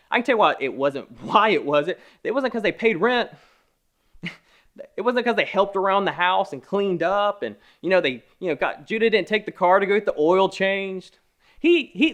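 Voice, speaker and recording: Man, 30s, pastor, online sermon, fairly high voice, conversational, joking asides. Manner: conversational, joking asides, swings between hushed and emphatic.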